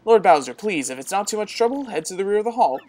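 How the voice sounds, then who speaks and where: Soldatino tartaruga timoroso, fatto da una donna, parla esitante e si scusa di continuo. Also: female voice, medium pitch, animated, quick pace, a little mellow, natural voice, rough recording. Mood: nervous. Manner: hesitant, apologetic. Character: nervous male turtle soldier minion.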